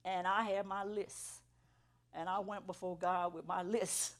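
A woman's voice: lowish voice, fairly even intonation, a little slow. A middle-aged woman giving an earnest church testimony to students, building to emphatic peaks. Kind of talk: testimony sermon.

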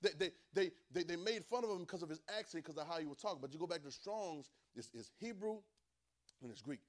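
Sex: man. Role: preacher. Style: high-voiced emphatic sermon. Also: expressive, fast. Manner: emphatic, repeats phrases, calls for responses from listeners. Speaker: preacher teaching a Bible class.

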